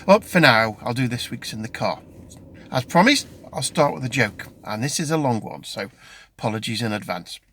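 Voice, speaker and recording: A man's voice: mid-range voice, lively intonation, normal speed, a bit bright, slight background noise. A middle-aged man with a British accent, chatting casually in a vlog from his car. He rambles and restarts often, with plenty of ums. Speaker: vlogger. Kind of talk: casual chat.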